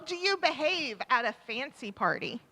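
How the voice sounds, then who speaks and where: A woman leading a children's time in a church service, asking the children questions and warmly repeating their answers, speaking into a microphone in the sanctuary. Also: high-pitched, big pitch swings, moderate pace. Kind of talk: interactive children's talk with questions. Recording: reverberant church hall.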